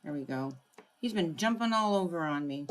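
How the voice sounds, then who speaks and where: A woman's voice: deep voice, lively intonation, normal speed, slight background noise. A woman running a live crafting tutorial, chatting through each step and greeting viewers by name. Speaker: craft demonstrator.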